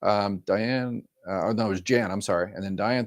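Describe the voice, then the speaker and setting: A man with a fairly low voice hosts a live-stream Q&A, reading viewer comments aloud and answering them casually, with lots of fillers and a friendly, frequent "y'all." He talks at normal speed with few pauses.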